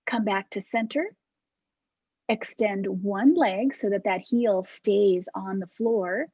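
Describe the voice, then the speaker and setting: Woman teaching a movement class over video call: breathy, gentle, unhurried cues. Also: medium pitch, no echo, dull audio. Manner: calm, soft-spoken cueing with breathy demonstrations.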